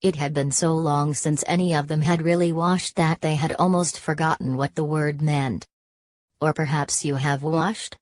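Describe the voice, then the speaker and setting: A woman narrating a children's storybook in an even, scripted reading voice. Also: low-pitched, moderate pace, hardly any pauses.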